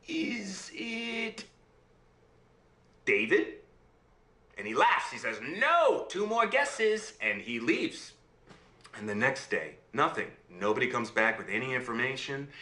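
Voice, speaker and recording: A man telling a fairy tale aloud in an animated way, often checking in with his listener. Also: mid-range voice, exaggerated voice. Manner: animated, checks in with "right?" and "okay?". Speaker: storyteller. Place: room on a video call. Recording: roomy room sound.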